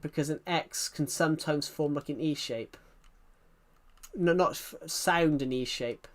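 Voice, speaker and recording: A British man with a fairly high voice talks casually with his stream viewers. He pushes his voice louder and brighter than his usual way of speaking, and he rambles and apologizes often as he reads and answers the chat. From United Kingdom. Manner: puts on a louder, happier voice for the stream; rambling, chatty, quick to apologize. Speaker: live streamer.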